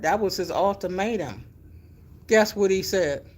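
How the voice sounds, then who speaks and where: A middle-aged woman, telling a personal story in a casual, animated way with emphatic exclamations. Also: mid-range voice, unhurried. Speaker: vlogger telling her life story.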